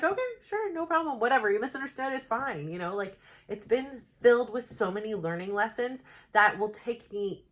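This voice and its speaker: A woman's voice: mid-range voice, fairly bright tone. A woman and mother talking to camera in a rambling, earnest self-help vlog, heartfelt and full of filler words. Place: home, new plain backdrop.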